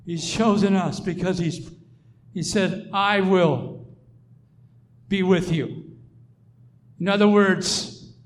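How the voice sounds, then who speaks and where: A man preaching a sermon, emphatic and repetitive, swelling to loud declarations and dropping to soft asides. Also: sits high, takes it slowly, pauses often.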